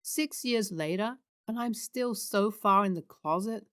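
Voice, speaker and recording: A woman reading out a series of short anonymous stories as scripted narration, in a steady read-aloud delivery. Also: medium pitch, a little slow, clean tone, no echo, studio quality. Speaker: story narrator.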